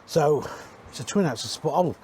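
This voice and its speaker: A man's voice: on the high side, lively intonation, moderate pace, darkish tone, slight background noise. Chatty man touring caravans. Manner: chatty, rambling, corrects himself mid-sentence. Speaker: caravan industry reviewer. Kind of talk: casual walk-around tour. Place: inside caravans at a dealership.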